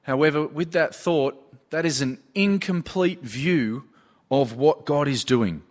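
A man delivering a sermon with earnest conviction, his voice sitting a little higher than most men's. He tells personal stories and retells what people said to him along the way. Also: lively intonation, slow. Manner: earnest, storytelling with retold dialogue. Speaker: preacher.

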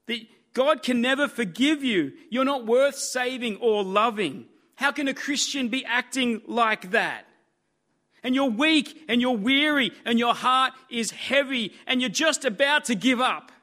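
A man's voice: very high-pitched, unhurried, pushed and bright. A man preaching a sermon in an earnest, emphatic way, building his points through repetition.

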